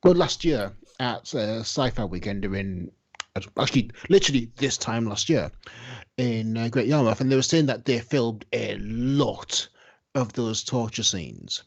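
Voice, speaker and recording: A man on a podcast, explaining film production details in a relaxed, informative way. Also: mid-range voice, measured pace, gravelly. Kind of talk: casual chat.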